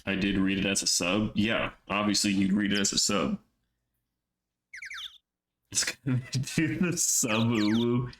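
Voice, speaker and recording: A man's voice: lowish voice, unhurried, long pauses, fairly bright tone, slight background noise. A Texan man streaming a game, reading its text aloud and cracking crude jokes in between. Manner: joking, profane asides. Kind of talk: casual gameplay commentary, reading dialogue aloud.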